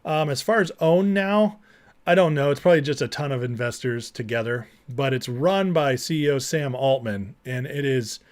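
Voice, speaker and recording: Talking at an ordinary pace in a mid-range voice, the streamer reads his chat and mocks clips in a casual, laugh-filled way.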